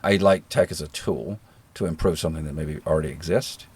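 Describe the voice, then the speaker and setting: A middle-aged man with a generic American accent, a guest in a relaxed interview, telling stories in an easygoing, self-deprecating way. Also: very deep voice, a little fast, slightly rough. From rural Georgia, American South. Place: living in New Zealand.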